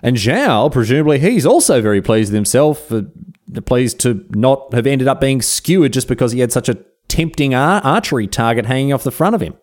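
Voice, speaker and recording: Animated man telling history irreverently. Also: medium pitch, a little fast. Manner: irreverent, swearing, slangy asides. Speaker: podcast host. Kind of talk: comedic history storytelling.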